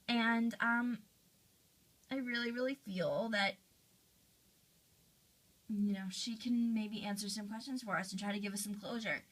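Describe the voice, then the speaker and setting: A woman voicing a hesitant teenage girl who speaks softly with many pauses and "um"s. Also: medium pitch, low-quality recording. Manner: hesitant, soft, with fillers. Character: hesitant, relieved teen girl Aria.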